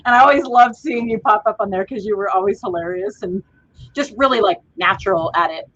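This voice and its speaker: A woman's voice: medium pitch, brisk, fairly bright tone. Enthusiastic woman interviewer, lo-fi audio. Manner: enthusiastic, laughs often. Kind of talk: casual interview chat. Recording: dull lo-fi sound.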